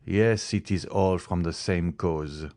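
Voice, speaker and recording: A man's voice: low-pitched, takes it slowly, mellow, no echo. A man voicing a hot-headed young nobleman who is bent on a duel and speaks in intense, clipped, indignant tones. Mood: vengeful.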